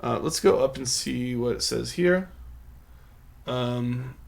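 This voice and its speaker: A man talking himself through a geography guessing game as he plays. He rambles, thinks out loud and pokes fun at his own cluelessness in a loose, casual flow. His voice sits at a middle pitch for a man. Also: slow pace, vocal fry. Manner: rambling, thinks aloud, self-mocking. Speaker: game streamer. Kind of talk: live gameplay commentary.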